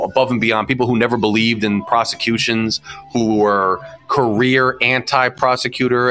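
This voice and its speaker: A man's voice: lowish voice, a bit bright. A man hosting a podcast, giving emphatic, repetitive, frustrated political commentary on his own. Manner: mocks opponents in put-on whiny voices. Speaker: podcast host. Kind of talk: opinionated solo political commentary. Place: lives near New York City.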